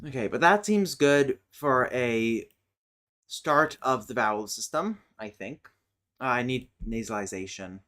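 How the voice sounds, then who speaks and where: A man streaming casually, thinking aloud as he works, muttering and humming to himself with many hesitant pauses. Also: mid-range voice, expressive, bright, forceful tone. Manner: mutters and hums to himself while working; slow, hesitant, with many fillers.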